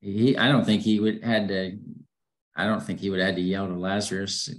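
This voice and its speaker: A man's voice: low voice, little pitch movement, a little fast, poor audio. A man leading a casual group Bible study, asking questions and thinking aloud with frequent restarts.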